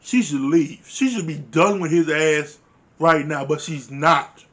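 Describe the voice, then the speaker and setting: A man with a high, light voice rants through a reality show recap. He talks bluntly and swears freely, sounding fed up with the people on screen. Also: unhurried, a bit bright. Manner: blunt, profane, exasperated ranting; uses informal dialect grammar. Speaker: reality TV reviewer. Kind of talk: casual recap commentary.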